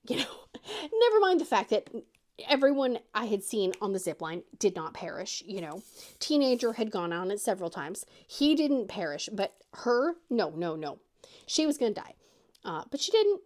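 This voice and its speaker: Animated woman telling a story. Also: measured pace. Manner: animated storyteller, acts out quotes with squeaky high voice. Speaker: craft channel host. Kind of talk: casual storytelling chat.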